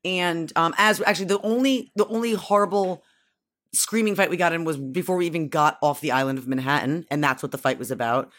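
A woman's voice: low-pitched, brisk, a bit bright. A woman in her thirties co-hosting a casual podcast chat, telling family stories and acting out the voices of her kids and husband. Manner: chatty storyteller, acts out family members. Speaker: podcast co-host.

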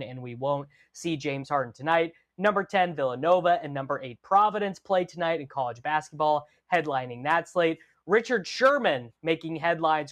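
A man hosting a sports radio show, running through headlines briskly and chatting with his co-host. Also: a little high.

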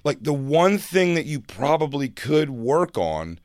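A man's voice: a little high, very animated, unhurried, no echo, clean studio sound. A man co-hosting a comedy talk show, speaking conversationally with mocking asides. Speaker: co-host. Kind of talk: casual comedic banter.

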